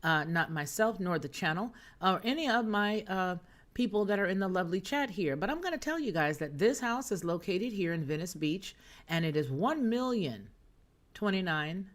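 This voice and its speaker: Her pitch sits fairly low, her intonation is lively, and she talks at a normal speed. She runs a news and chat livestream, chatting casually and answering viewer comments with sass and emphasis.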